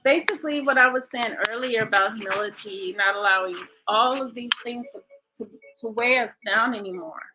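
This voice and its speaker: A woman hosting a livestream, slowly guiding listeners through self-reflection questions and thanking viewers by name. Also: fairly high pitch, background noise. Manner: slow, repeating questions with shifting emphasis. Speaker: livestream host. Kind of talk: guided self-reflection talk.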